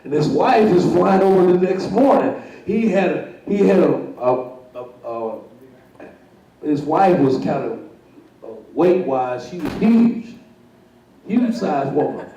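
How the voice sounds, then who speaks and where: A man's voice: on the high side, big pitch swings, unhurried, dark tone. A man telling a comic story on stage, chuckling, repeating himself and acting out the voices. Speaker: guest storyteller. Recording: very echoey room, voice far from mic.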